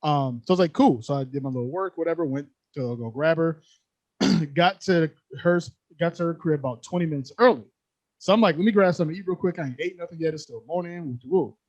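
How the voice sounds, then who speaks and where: Young guy rambling a story on a podcast, high voice, quick and slangy, laughs a lot. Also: dry recording. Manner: animated, slangy, laughs often. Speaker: podcast co-host. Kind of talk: casual storytelling chat.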